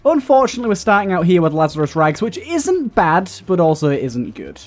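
A man's voice: high voice, sing-song, fairly quick, soft background music. A young man giving casual, rambling let's-play commentary while playing, exasperated and restarting often, with lots of fillers. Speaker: gaming YouTuber.

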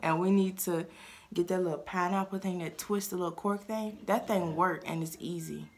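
A lifestyle vlogger films casually in her home kitchen, talking to her pets and viewers while she cooks. Her voice sits on the low side, with a steady tone and normal speed.

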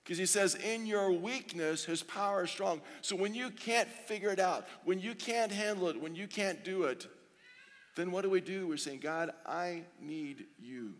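A man preaching a sermon as pastor, earnest, slowing down to read scripture and repeating pleading phrases. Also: sits high. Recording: long reverb of a large hall.

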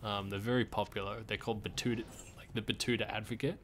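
A man's voice: lowish voice, flat delivery, quick pace, a bit bright, a little hiss or hum. A man chatting casually on a game stream, laid-back, chuckling often and swearing casually. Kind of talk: casual gaming stream chat.

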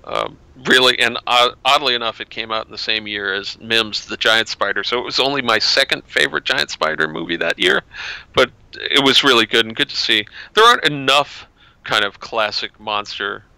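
A man's voice: on the low side, creaky, pushed and bright, clean tone, no echo, rough recording. A man in casual chat as a guest author, rambling and often restarting his sentences.

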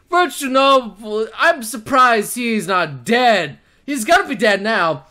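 A man hosting a let's play, reading the game's text aloud between loud, excitable reactions: yelps, shrieks, laughter and plenty of swearing. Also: very high-pitched, moderate pace, hardly any pauses.

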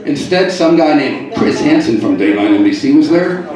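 A middle-aged male comedian tells his set in a deadpan way and picks on people in the crowd. His voice sits a little high. He sounds distant in a roomy club, with a lively audience laughing around him. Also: moderate pace. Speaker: stand-up comedian. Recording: echoey club from far off.

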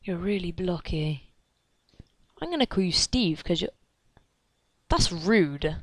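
A woman giving let's play commentary, excitable and gasping, chattering at game characters and dropping into hushed whispers. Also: on the low side, slow, pauses often, dry recording. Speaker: gamer.

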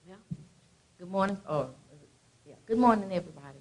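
A woman's voice: medium pitch, animated, a little fast, darkish tone, low-quality recording. A woman on a college staff reading a short biography aloud, casual and chatty, with brief asides.

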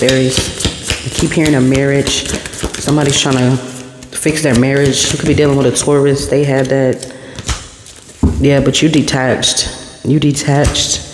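A man giving an intuitive tarot reading to camera, talking in a meandering, repetitive way as the messages come to him. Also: mid-range voice. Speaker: tarot reader. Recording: echoey room with long reverb and steady background noise.

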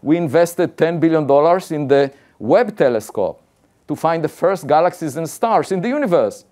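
Insistent, higher-voiced male astrophysicist lecturing. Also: lively intonation, normal speed, darkish tone. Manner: conversational, building arguments point by point. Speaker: astrophysicist giving a talk. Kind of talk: public science talk.

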